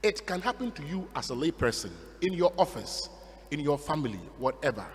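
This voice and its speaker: A man's voice: on the high side, fairly quick, big-room sound. A middle-aged man with a Ghanaian English accent, a Catholic priest preaching a homily and acting out the dialogue of his story. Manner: animated storytelling, acts out the dialogue, laughs often.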